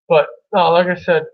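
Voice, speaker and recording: A man from Milwaukee, Wisconsin, hosting a casual livestream chat, rambling loosely and calling viewers brother. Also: sits high. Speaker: livestream host chatting with viewers. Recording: tinny phone-like audio.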